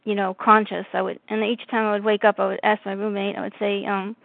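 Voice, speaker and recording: A woman from north of Boston shares her story over a video call, stopping and restarting with plenty of fillers. Her voice has a gravelly edge. The audio is thin and phone-like, with no room sound. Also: medium pitch, flat delivery, no room sound. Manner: halting, frequent fillers and restarts. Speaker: meeting member sharing. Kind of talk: personal recovery share.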